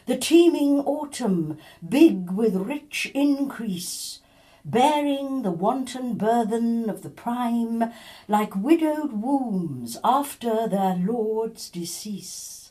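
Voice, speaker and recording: A woman, an amateur actor, giving a measured, solemn sonnet recitation. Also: on the high side, expressive, dark tone. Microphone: home recording.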